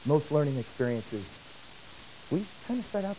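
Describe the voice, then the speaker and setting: Male lecturer, animated storyteller, lively pitch, dull hissy tape. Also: normal speed. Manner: animated, asks the audience questions. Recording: dull old tape with faint hiss.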